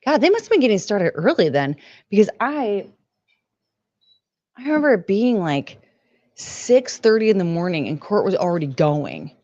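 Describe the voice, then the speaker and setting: A woman's voice: mid-range voice, very animated, moderate pace, pauses often, a little mellow, no room sound, highs cut off. A woman hosting a casual livestream, talking in a rambling, emotional way and swearing freely. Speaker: livestream host.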